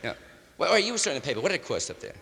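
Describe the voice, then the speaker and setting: A man's voice: fairly high pitch, very animated, very fast, gravelly, sharp tone. A male stand-up comedian rambling through a loose, improvised monologue full of hip jazz slang, recorded live on a concert hall stage. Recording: live 1961 concert hall recording with reverb and faint hiss.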